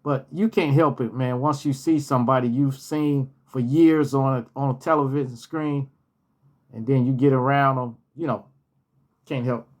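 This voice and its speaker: A man's voice: medium pitch, steady tone, moderate pace. A man casually telling personal stories from his hotel job, repeating key phrases for emphasis. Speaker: storyteller, former hotel manager.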